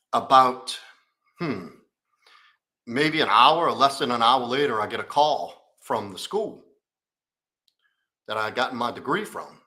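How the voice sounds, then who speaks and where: A man tells a long personal story on a live Q&A stream, candid and full of swearing. His voice is bright and forward at an ordinary pitch. He rambles and circles back as he talks. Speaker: coach.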